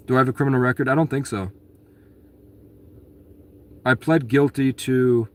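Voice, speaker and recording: A man at a medium pitch talking straight to his viewers in a loose, rambling monologue. He sounds aggrieved, keeps restarting his sentences and swears bluntly. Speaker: vlogger answering viewer questions. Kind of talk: casual storytelling monologue.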